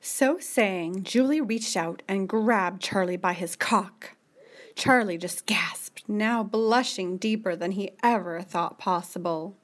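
A woman narrating a story in a slow, measured way, sometimes dropping to a hushed whisper. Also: mid-range voice.

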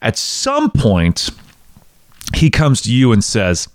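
A man's voice: mid-range voice, wildly swooping pitch, takes it slowly, pauses often, no room sound. A man hosting a podcast interview, joking and teasing his guests in a casual chat. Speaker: podcast host.

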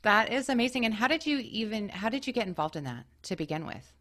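Woman host with a bright lively voice, playful jokey asides. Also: a little high, quick pace. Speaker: podcast host. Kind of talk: casual interview chat.

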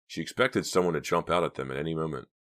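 A man narrating a novel as an audiobook, in a measured, hushed storytelling manner. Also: rumbling low. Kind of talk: scripted narration.

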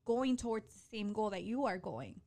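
A woman in her early thirties chatting casually as a co-host, calm and practical, mixing Spanish into English. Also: medium pitch, normal speed. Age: early 30s. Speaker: podcast co-host. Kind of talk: casual chat.

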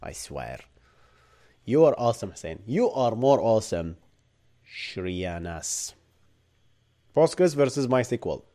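Man, 30s, Arab accent, live-stream tech host, lively pitch, punchy then low asides. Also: slow pace, long pauses. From Bahrain. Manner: animated, jumps between loud bursts and low asides. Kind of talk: live-streamed tech lecture with chat replies.

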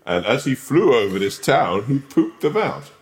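A man voicing a wise old oak tree, speaking slowly and solemnly. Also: mid-range voice, very animated, echoey room, pitched above the performer's own voice.

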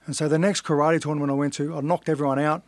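A man's voice: a little high, level tone, very fast, no room sound. Blunt man telling his story. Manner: blunt, earnest, swears casually. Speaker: guest, fighter. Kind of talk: casual storytelling interview.

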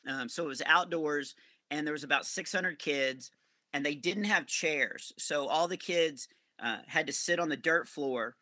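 A male comedian telling rambling, animated stories as a podcast guest. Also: a little high, measured pace, no room sound. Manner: animated, rambling anecdotes with self-corrections. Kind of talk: storytelling podcast interview.

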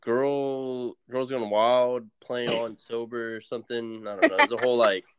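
A man's voice: medium pitch, little pitch movement, measured pace, a loud crowd. A young man chatting as a podcast guest, laid-back and slangy, swearing casually.

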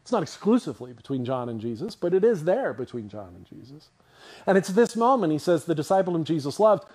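A man's voice: fairly high pitch, fast, breathy edge. Conversational man preaching a sermon. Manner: conversational, animated, asks the audience questions. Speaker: pastor.

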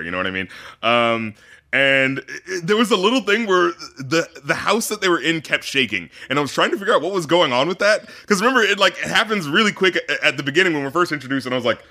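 A man's voice: a little high, quick pace. A man in casual chat, retelling a film scene with lots of laughter and acted-out lines. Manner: animated storyteller, acts out characters, laughs often. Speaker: podcast co-host discussing a film.

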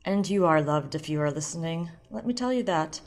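A woman's voice: deep voice, lively intonation, brisk. A woman sommelier hosting a solo wine podcast, chatting casually and playfully, drifting into tangents.

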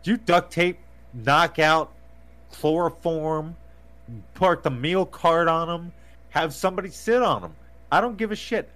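A man's voice: a little high, measured pace, a bit bright. A man co-hosting a podcast in casual banter, laughing often and swearing freely as he rants. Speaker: podcast co-host. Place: podcast recording.

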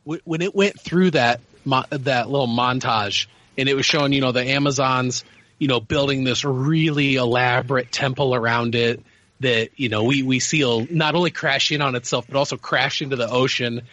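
A man's voice: medium pitch, steady tone, moderate pace, fairly bright tone, no echo, dull audio. A man in laid-back, amused podcast chat, describing scenes with easy humor. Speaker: podcast roundtable guest. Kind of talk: casual chat.

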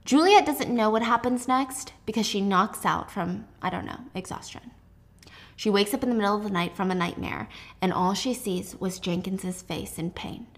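A young woman hosting a casual book recap, telling the story in an animated way with side comments. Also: mid-range voice, normal speed. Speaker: host.

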